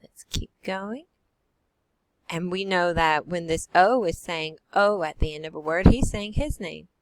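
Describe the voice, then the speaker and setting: A woman's voice: fairly low pitch, measured pace, no echo. A woman teacher leading a phonics lesson for young children, drawing out each sound in a sing-song way.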